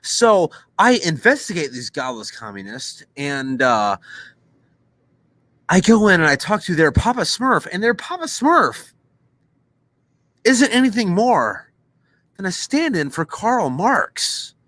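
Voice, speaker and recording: A man co-hosting a casual podcast over a video call, spinning a rambling deadpan satire with lots of restarts. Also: sits high, takes it slowly, long pauses, dry recording. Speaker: podcast co-host. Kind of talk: casual chat.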